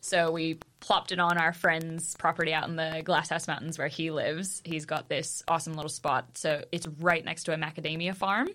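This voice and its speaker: A woman's voice: deep voice, steady tone, moderate pace, few pauses, a bit bright. A woman in her thirties, co-hosting a podcast and telling stories in casual chat, laughing often. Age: 30s. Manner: chatty storyteller, laughs often. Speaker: podcast co-host.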